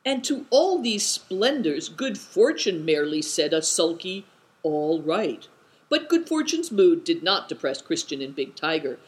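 Audiobook narrator, measured, descriptive, expressive pitch, middle register. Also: poor audio.

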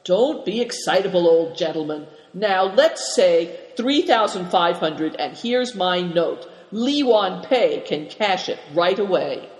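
A sly, wheedling male dealer, played by the reader who whines and haggles. The voice sits high for him and echoes through a large hall with long reverb. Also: lively intonation, slow pace, few pauses. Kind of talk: storybook reading.

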